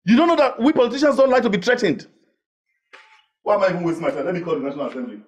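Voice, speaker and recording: An actor with a Nigerian accent playing a boastful, self-important politician who blusters and threatens. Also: male voice, high-pitched, animated, rapid-fire, soft background music. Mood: pompous. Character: boastful pompous male big-shot politician. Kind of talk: comedic film acting.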